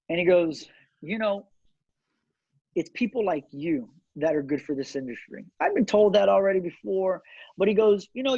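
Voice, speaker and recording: A man's voice: high-pitched, a little mellow, breathy edge, no echo. Earnest man telling his story, dull audio. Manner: earnest storytelling with many fillers and restarts. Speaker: cigar company owner, guest. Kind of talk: casual interview chat.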